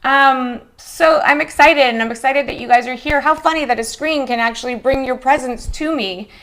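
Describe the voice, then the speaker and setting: A woman in her forties hosting a live skincare chat, talking in an emotional, chatty way, her voice jumping high when she greets viewers. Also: brisk, a bit bright. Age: 40s. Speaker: beauty show host.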